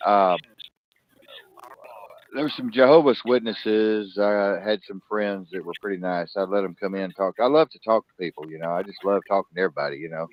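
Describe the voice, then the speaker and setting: A man's voice: low voice, brisk. Rambling chatty man, lo-fi. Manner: rambling, chatty, lots of "you know". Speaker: storyteller in a casual talk. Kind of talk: casual chat.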